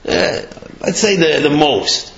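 A man's voice: on the high side, big pitch swings, slow, creaky, a bit bright, a little hiss or hum, full character voice. A man voicing a homesick emigrant man who eagerly insists his visitor stay, in a dull, echoey recording. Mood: insistent.

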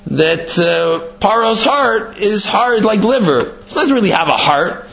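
A man giving a Torah class, explaining and telling a parable in an animated, conversational way. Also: sits high, slow pace, creaky, dull audio. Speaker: Torah teacher.

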